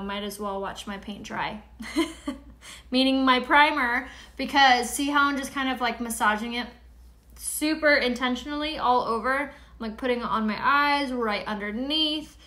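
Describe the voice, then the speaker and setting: A woman's voice: on the high side, pushed and bright. A woman from San Diego, chatting in a rambling way to viewers as she streams a casual live makeup tutorial. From San Diego, California. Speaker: beauty product seller and live-streamer.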